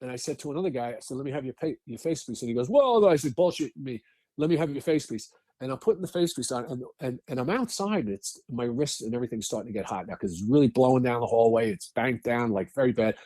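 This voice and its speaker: A man's voice: medium pitch, expressive, quick pace, hardly any pauses, mellow, no room sound. A middle-aged man, telling stories bluntly as a podcast guest, with frequent restarts and swearing. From New York. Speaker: guest, actor and firefighter. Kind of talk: casual podcast interview.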